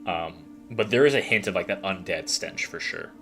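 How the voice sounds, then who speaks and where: A man's voice: sits low, lively intonation, moderate pace, fairly bright tone, soft background music. A man narrating a tabletop game as game master, rambling with lots of filler words. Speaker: dungeon master.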